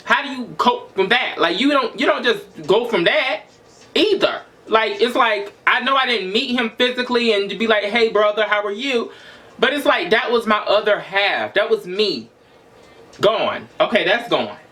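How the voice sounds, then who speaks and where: A man's voice: sits high, animated, moderate pace, sharp tone. A man in his twenties venting in a raw, emotional, profane personal monologue for his vlog. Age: 20s. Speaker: vlogger.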